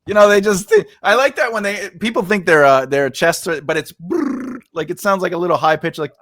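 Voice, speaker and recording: A man's voice: high voice, sing-song, fairly quick, fairly bright tone, no room sound. A man with a Brooklyn accent hosting an interview, joking, making puns and rambling with many fillers. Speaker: podcast host. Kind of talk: casual interview chat.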